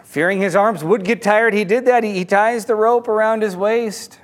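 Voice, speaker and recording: A man telling a fable in a sermon, with a halting delivery full of repeated words and restarts. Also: sits high.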